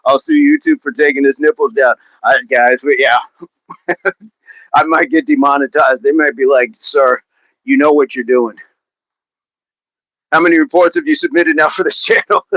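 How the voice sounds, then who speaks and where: A man's voice: on the high side, lively intonation, brisk, a bit bright, no room sound, dull audio. A man leading an outdoor workout livestream, joking with viewers and laughing often in casual chat. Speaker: fitness coach leading a live workout.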